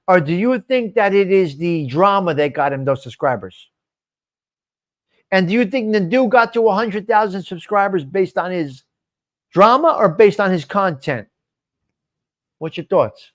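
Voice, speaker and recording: Rambling man hosting a live stream. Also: high voice. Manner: rambling, talks back to chat commenters by name, swears. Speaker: host of a live stream show. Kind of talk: casual live-stream chat reading viewer comments.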